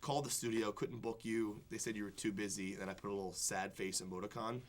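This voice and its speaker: Fast-talking young man telling stories. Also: fairly low pitch, a crowd in the background. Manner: excited, rambling anecdotes full of fillers and restarts. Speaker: film critic and entertainment interviewer. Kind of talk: animated storytelling in a studio interview. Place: television studio before a student audience.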